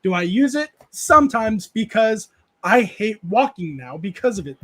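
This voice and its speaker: High-voiced man rambling through a chat show. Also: very animated, normal speed, pushed and bright. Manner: rambling storyteller, laughs often, many fillers. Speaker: show host reading chat. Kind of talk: casual livestream chat.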